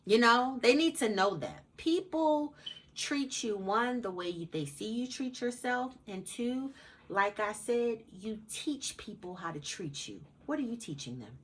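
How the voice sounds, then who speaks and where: A woman's voice: fairly high pitch, animated, measured pace, husky. A woman hosting an advice channel, giving a casual motivational talk in a blunt, emphatic way, swearing freely and repeating her points for emphasis.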